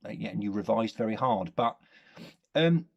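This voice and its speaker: A man's voice: on the low side, expressive, moderate pace, vocal fry, dull audio. Man rambling through a comic monologue. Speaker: comedy host.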